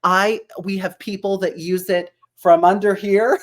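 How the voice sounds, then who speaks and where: A woman chatting casually about beauty products, animated, laughing often and restarting her sentences. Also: mid-range voice, moderate pace. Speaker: brand representative.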